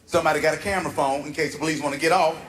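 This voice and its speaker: A man performing a stand-up routine, animated and acting out voices as he tells a story. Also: fairly high pitch, racing, background noise. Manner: animated storyteller, acts out voices, laughs through lines. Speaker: stand-up comedian. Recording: live venue with loud audience laughter. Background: audience laughing and clapping.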